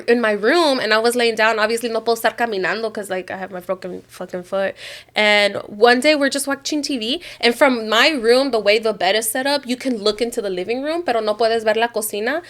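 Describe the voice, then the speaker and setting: A woman's voice: on the high side, a bit bright. A woman co-hosting a podcast, telling a story in casual chat, switching between English and Spanish and swearing casually. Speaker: podcast co-host.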